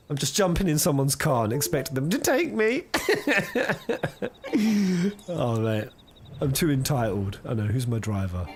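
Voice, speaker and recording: A man's voice: fairly high pitch, a little hiss or hum. A young man streaming a game, chatting casually, teasing himself and laughing often. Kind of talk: live let's-play commentary. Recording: game music underneath.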